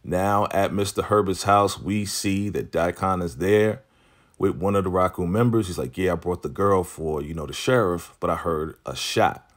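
A man with a very low, deep voice talks through a TV episode recap in a casual, chatty way. He retells scenes with energy, slips into the characters' lines as he goes and laughs often along the way. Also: moderate pace. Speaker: recap host.

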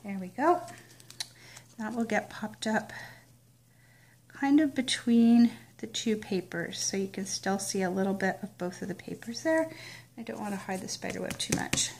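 A woman with a creaky, medium-pitched voice makes cards at a normal speed, talking through each step as she goes. It's a casual papercraft tutorial, chatty and self-narrated, with a little hiss or hum underneath.

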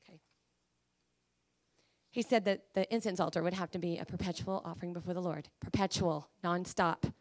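A woman preacher delivering a sermon, emphatic and pleading, at times rising to high fervent cries. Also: a little mellow.

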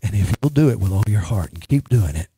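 A man's voice: lowish voice, animated, quick pace, mellow, slightly rough, no room sound. A man ministering as a prophet, speaking emphatically and praying over a woman in church. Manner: emphatic, prays over a person.

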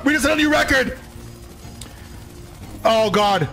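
A man streaming slot spins from home, screaming and laughing in disbelief at his wins, his voice hoarse and nearly gone. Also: extremely high pitch, normal speed, pauses often, music in the background, poor audio. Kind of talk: excited live-stream reaction.

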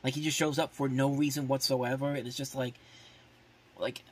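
A podcast host previews movies in a casual, rambling way, packed with "like" fillers and restarts. His mid-range voice is slightly rough, with a level tone and a moderate pace. He's openly opinionated and exasperated about the films.

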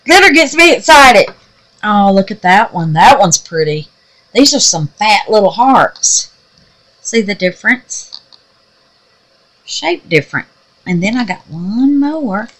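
A woman chatting casually to her viewers while she crafts, folksy and excitable, calling them babies and darlings. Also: mid-range voice, rough recording. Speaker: resin craft vlogger.

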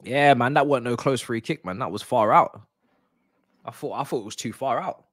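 A young man reacting live during a football watch-along, excitable and slangy, swearing and repeating himself. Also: medium pitch, normal speed, no echo, clean studio sound.

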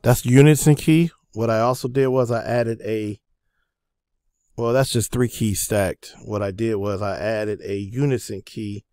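A man hosting a casual music production tutorial, talking in a laid-back, loose way with many pauses and fillers. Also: on the low side, fairly even intonation, mellow, no room sound.

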